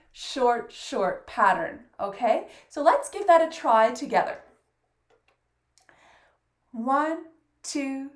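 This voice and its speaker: A woman's voice: high voice, reverberant. A woman teaching a fiddle lesson, patiently counting beats aloud and praising often. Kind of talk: encouraging music lesson.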